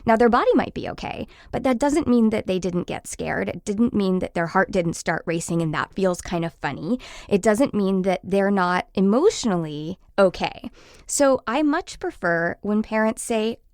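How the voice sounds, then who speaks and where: A woman in her thirties, a parenting expert explaining her advice on a podcast in a reassuring way, sometimes acting out gentle lines to a child. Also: medium pitch, lively intonation, moderate pace, dry recording, studio quality.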